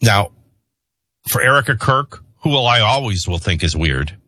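A middle-aged man hosting a show, rambling between personal stories and opinion rants in an animated way. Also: fairly low pitch, normal speed, dry recording. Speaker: host. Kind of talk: opinion monologue with storytelling.

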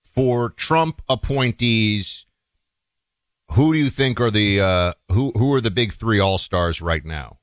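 Deep-voiced male radio co-host. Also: slow pace, no room sound, clean studio sound. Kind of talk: talk radio commentary.

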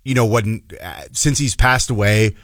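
A man's voice: lowish voice, normal speed, fairly bright tone, no echo, studio quality. A man in his thirties from the Chicago area, co-hosting a talk show and telling stories in an earnest, emotional way. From Chicago area, Illinois. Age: 30s. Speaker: radio show co-host. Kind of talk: casual chat.

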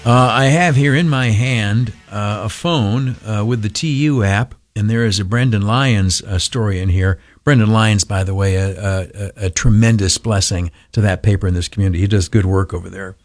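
Blunt, rambling low-voiced male radio host. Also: moderate pace, hardly any pauses, no echo, studio quality, soft background music. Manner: rambling, heavy fillers, blunt. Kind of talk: opinionated radio commentary.

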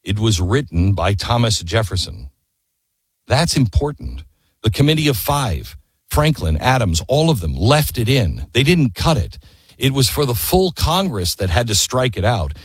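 A man's voice: medium pitch, very animated, a little slow, slightly rough, no room sound, clean studio sound. A man giving an impassioned history talk, telling the story with emphasis and firing off rhetorical questions.

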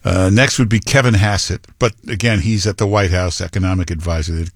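A man's voice: deep voice, fairly even intonation, brisk, no room sound, studio quality. A man hosting a talk show, delivering rambling, opinionated political commentary. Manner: rambling, opinionated, with quoted impressions. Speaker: talk radio host.

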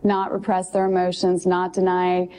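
A woman in a played clip, speaking earnestly in steady slogans. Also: on the low side, normal speed, slight background noise.

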